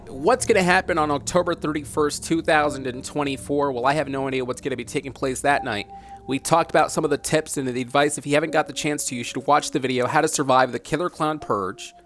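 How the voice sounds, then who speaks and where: A man hosting a dramatic commentary vlog, talking emphatically, repeating himself and asking rhetorical questions. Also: mid-range voice. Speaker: host.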